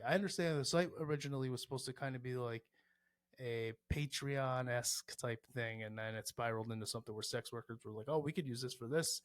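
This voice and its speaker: A man in his thirties rants alone on his podcast. He swears freely and jumps from point to point. His voice sits at an ordinary male pitch, and the recording is dry and close. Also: fast talker, no room sound. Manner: profane, rambling, animated with sports analogies. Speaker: podcast host. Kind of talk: casual solo podcast rant.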